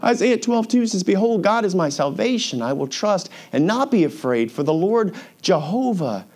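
A pastor preaching a sermon in a casual, conversational way, his voice sitting a little high for a man. He slows down to read scripture aloud and drops his voice low and soft when he speaks God's words. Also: sing-song.

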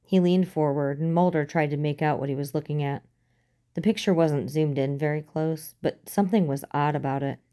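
A woman reading a story aloud in a steady, even storytelling manner, as an audiobook. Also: low-pitched, normal speed, clean tone. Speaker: narrator. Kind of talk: audiobook reading of fan fiction.

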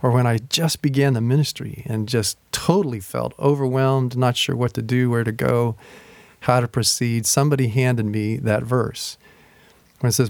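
A man preaching as a pastor, telling a personal story in a slow, reflective way and reading scripture aloud slowly. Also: medium pitch, steady tone, creaky, no room sound. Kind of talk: sermon.

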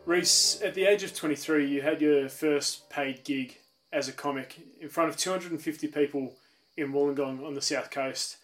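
A man hosting a podcast, reading a formal introduction and asking interview questions in a measured way. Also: on the high side, faint music behind. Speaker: podcast host.

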